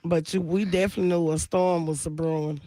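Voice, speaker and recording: A woman's voice: fairly low pitch, steady tone, fast talker, warm tone, no echo, clean studio sound. A woman, hosting a morning radio show in casual banter, laughing often and using plenty of slang.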